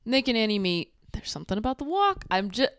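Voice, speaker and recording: A young woman recapping a reality show in a sarcastic, animated way, acting out what people said. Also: on the high side, quick pace. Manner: sarcastic, animated, acts out quotes. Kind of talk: casual recap commentary.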